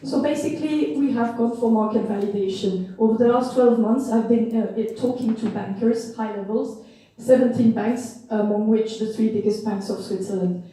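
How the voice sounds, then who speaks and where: Hoarse woman pitching in an echoey hall. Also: normal speed, dark tone. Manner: frank, emphatic, apologizes in passing. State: losing her voice. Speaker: startup pitch presenter. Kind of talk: pitch presentation. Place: event hall. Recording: echoey hall, distant mic, faint noise.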